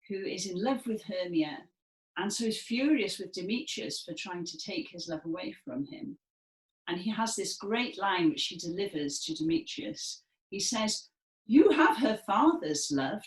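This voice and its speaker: Woman instructor, mid-pitched and unhurried, cheerful class guidance, roomy echo. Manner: slow, clear and encouraging, with dramatic emphasis. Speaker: movement and music session leader. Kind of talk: instructing a gentle seated movement class. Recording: echoey room.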